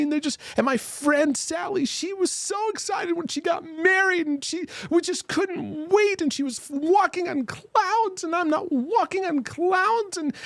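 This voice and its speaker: A man voicing an anxious young woman who fears something is wrong with her, in a high, breathless, deliberately dramatized gush. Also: dry recording. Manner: dramatized on purpose.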